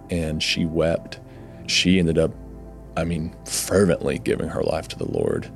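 A man with a very deep, gravelly voice recounts his personal testimony. He speaks earnestly and emotionally, halting often, with soft music under him. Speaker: guest sharing his testimony.

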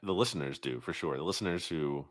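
A man's voice: extremely low pitch, fast, no room sound. A man co-hosting a sports podcast in casual chat, dry and teasing, with a sarcastic edge.

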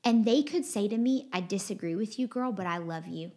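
A woman co-hosting a podcast in casual chat, animated and expressive, often laughing and mimicking friends in a high voice. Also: a little fast. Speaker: podcast co-host.

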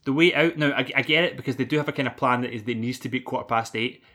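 A man's voice: mid-range voice, fast talker, bright, forceful tone, soft background music. A man with a Scottish accent, co-hosting a podcast and recapping a film in a rambling, jokey, sweary way. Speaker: podcast co-host. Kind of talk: casual film recap chat.

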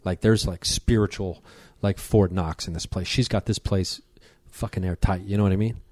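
Mellow-voiced man telling a rambling story. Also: deep voice, normal speed, no echo, studio quality. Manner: rambling, animated storyteller with many fillers. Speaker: podcast guest. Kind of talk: casual storytelling conversation.

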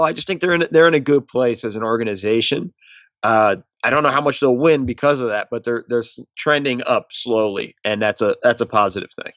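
Brief: male podcast co-host, easygoing and halting, muffled lo-fi dry sound. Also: medium pitch, no echo. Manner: relaxed, hesitant, drawn-out phrasing. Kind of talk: casual sports podcast chat.

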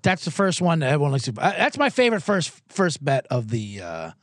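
A man hosts a live betting show, his pitch swinging widely as he rambles. He talks loosely and swears freely while reading out viewer comments. The sound is dry and close, with no room around it. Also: huge pitch swings, brisk, no room sound. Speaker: sports betting show host. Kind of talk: casual live-stream betting talk.

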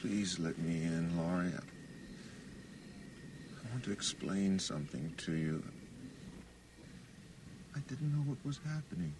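An actor playing an unhinged male doctor who pleads through a door and then explodes into shouts, from a film clip. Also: sits low, lively intonation, a little slow, long pauses, noisy background. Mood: pleading.

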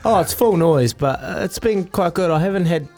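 A man's voice: a little high, expressive, moderate pace, a little mellow, faint music behind. A middle-aged man with a New Zealand accent, co-hosting a breakfast radio show in casual chat and telling stories while laughing often. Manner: chatty storyteller, laughs often.

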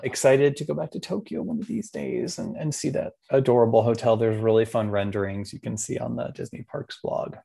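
A man co-hosting a podcast, reading park news in a chatty, upbeat way with quick asides. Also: mid-range voice, gravelly, mellow, breathy edge. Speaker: podcast co-host. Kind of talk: casual podcast news chat.

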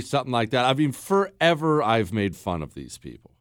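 A man's voice: mid-range voice, very animated, fairly quick, no echo. A man hosting a talk radio show, sarcastic and bantering with his producers in the studio. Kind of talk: casual talk radio monologue. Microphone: studio microphone.

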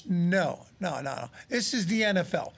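His voice sits high with some vocal fry, at a moderate pace. He's a sixty-something former pro footballer turned radio analyst, swapping casual sports talk and bringing his stories alive by acting out the quotes.

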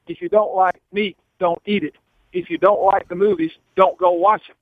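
A man's voice: high-pitched, steady tone, normal speed, no echo. Blunt caller on a tinny phone line, man. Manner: blunt, plain-spoken.

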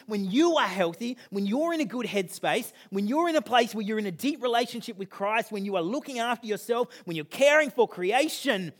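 A man, preaching a sermon as pastor, swinging from loud emphasis down to a near-whisper. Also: extremely high pitch.

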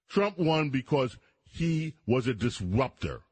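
A man's voice: fairly high pitch, sing-song, unhurried, breathy edge. A man hosting a talk radio show, delivering an emphatic monologue straight to his listeners. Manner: emphatic, addresses listeners directly.

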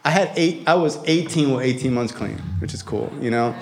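A stand-up comedian telling a rambling personal story in a casual, profane way. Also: male voice, mid-range voice, fairly quick, a little mellow.

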